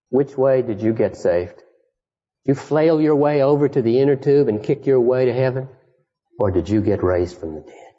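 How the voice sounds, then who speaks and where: A man preaching a sermon with passion, swinging from high, emphatic peaks down to hushed storytelling. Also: animated, moderate pace. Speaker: pastor. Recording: dull archival sermon recording in a reverberant hall.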